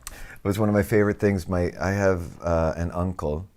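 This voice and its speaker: A man's low voice, co-hosting a podcast in loose, jokey banter. He is middle-aged, animated, and quick to slip into silly put-on voices. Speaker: podcast co-host. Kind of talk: casual banter.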